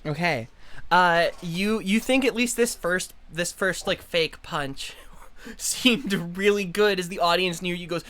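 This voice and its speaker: A man acting as game master of a tabletop role-playing session, relaxed and accommodating as he calls for checks. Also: high voice, unhurried.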